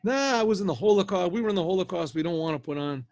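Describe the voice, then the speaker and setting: A man's voice: high voice, lively intonation, rapid-fire, darkish tone, dry recording, studio quality. A man voicing a stubborn older man who grumbles his refusals in a told story.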